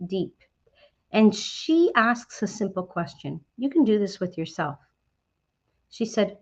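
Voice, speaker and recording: An outgoing woman from Canada gives a motivational talk to fellow entrepreneurs. Her voice sits in a middle pitch, and the audio is a little dull and lo-fi. She is animated and keeps asking herself questions. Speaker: speaker at a women's business network talk.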